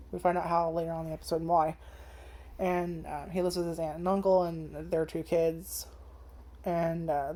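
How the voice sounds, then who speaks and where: A woman's voice: lowish voice, mellow. A young woman ranting casually about an anime's first episode, swearing a lot and filling her talk with "like" and "um". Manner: chatty and profane, with many fillers. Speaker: anime reviewer. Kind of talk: casual first-impressions rant.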